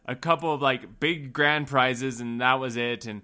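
A man in his thirties chatting casually with his co-host. He tells stories easygoing and laughs along. His voice is middle-pitched with a bright, crisp edge. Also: steady tone, measured pace. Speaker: podcast co-host. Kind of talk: casual chat.

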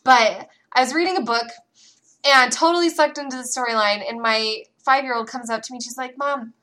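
A woman in her thirties co-hosting a casual parenting chat, telling lively stories about her kids. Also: fairly high pitch, fairly quick. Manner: animated storyteller, acts out her kids' voices. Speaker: podcast co-host.

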